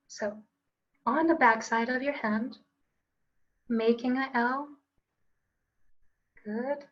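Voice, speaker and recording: Playful woman qigong teacher, kinda high voice, muffled lo-fi audio. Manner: upbeat, playful, coaching with call-and-response. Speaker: qigong instructor. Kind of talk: online class instruction.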